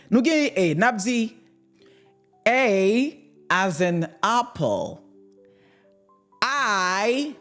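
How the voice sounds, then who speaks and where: A woman with a Haitian accent teaching the alphabet, repeating each word and switching between English, French and Creole. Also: mid-range voice. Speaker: language teacher. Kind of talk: alphabet lesson for learners.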